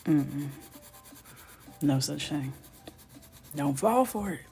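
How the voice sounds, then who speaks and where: Speaking extremely slowly in a low voice, a woman in her thirties tells playful, animated stories while chatting on a coloring live stream, occasionally dropping to a whisper.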